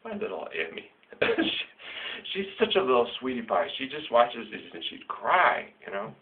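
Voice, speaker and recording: A man's voice: mid-range voice, big pitch swings, normal speed. A man hosting a show, talking in a rambling, jokey way and laughing often. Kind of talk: casual monologue. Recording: tinny phone-like sound.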